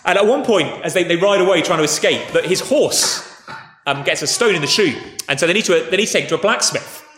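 A man with a voice a little higher than usual delivers a relaxed, storytelling sermon and turns to speak to the children. His voice fills a roomy church with a long reverb tail. A faint hiss sits underneath. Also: fast talker. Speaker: preacher. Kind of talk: conversational sermon.

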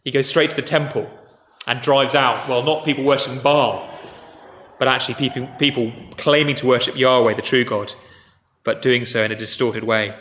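A man's voice: mid-range voice, fairly even intonation, normal speed, fairly bright tone, a little hiss or hum. A man preaching a conversational sermon, telling stories and speaking directly to the congregation and the children. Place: church. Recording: echoey church hall with long reverb.

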